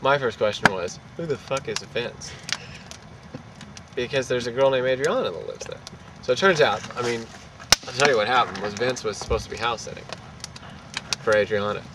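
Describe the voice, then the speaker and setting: A man telling a casual anecdote in an animated, profane way, acting out what people said. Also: medium pitch, a little fast. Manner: animated, profane, acts out quotes. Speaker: storyteller. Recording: distant mic, loud street and traffic noise.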